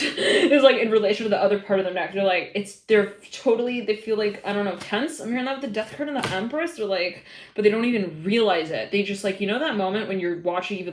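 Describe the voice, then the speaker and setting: A woman's voice: medium pitch, a little hiss or hum. A woman doing a live tarot reading, chatty and giggly and rambling with many fillers. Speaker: tarot reader.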